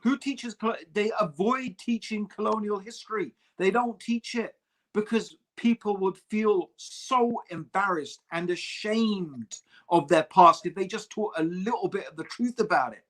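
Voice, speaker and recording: A man co-hosts a casual podcast discussion, speaking emphatically and conversationally and often calling his co-host "bro." His voice is high-pitched, unhurried, and fairly bright.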